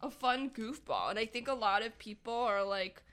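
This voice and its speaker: A woman's voice: a little high, normal speed, fairly bright tone. A young woman co-hosting a casual podcast, chatty and giggly, often trailing off mid-sentence. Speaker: podcast co-host. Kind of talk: casual chat.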